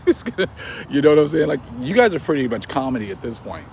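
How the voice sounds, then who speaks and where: Man, gravelly voice, mocking casual commentary, frequent laughs, faint traffic outside. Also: fairly high pitch, big pitch swings, quick pace, a little mellow. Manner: mocking, laughs often, says man and bruh. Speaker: online commentator. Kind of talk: casual religious commentary monologue.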